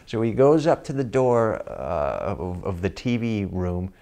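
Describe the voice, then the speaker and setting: A man's voice: on the low side, big pitch swings, unhurried, creaky, mellow. A man telling a funny personal story, chuckling often as he talks. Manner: amused, chuckling as he tells it. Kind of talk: comic personal anecdote.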